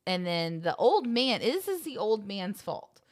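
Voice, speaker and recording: A young adult woman co-hosting a casual movie podcast, retelling scenes in an animated, rambling way. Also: mid-range voice, measured pace. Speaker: podcast co-host. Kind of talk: casual chat.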